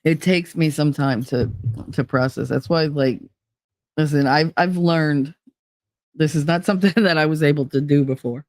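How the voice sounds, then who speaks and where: A woman's voice: sits low, moderate pace, darkish tone, no echo, clean studio sound. Blunt, profane woman streamer. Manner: blunt and profane, laughs often. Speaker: live streamer. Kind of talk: casual live-stream chat.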